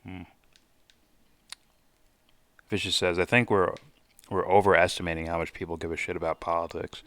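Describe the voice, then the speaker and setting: A man's voice: low-pitched, flat delivery, moderate pace, dry recording. A man hosting a live stream, casually reacting and reading viewer comments aloud with loose, profane asides. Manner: loose, profane, thinking out loud.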